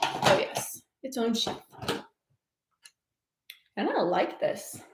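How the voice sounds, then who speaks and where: This livestream host is a woman whose slightly high voice moves slowly and swings widely in pitch. She gushes and laughs a lot during her casual show and tell, recorded in an echoey home office with faint noise.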